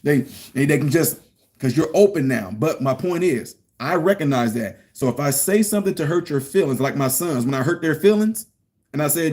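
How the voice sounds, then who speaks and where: Man, middle-aged, high-pitched, emphatic, preachy, casual commentary rant. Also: expressive, normal speed, darkish tone. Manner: emphatic, preachy, repeats points. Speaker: political commentary vlogger.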